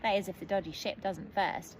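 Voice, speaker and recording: A woman's voice: mid-range voice, fairly even intonation, brisk, slight background noise, close to an everyday voice, poor audio. A woman voicing a sensible, skeptical older sister in a storybook reading, blunt and doubtful.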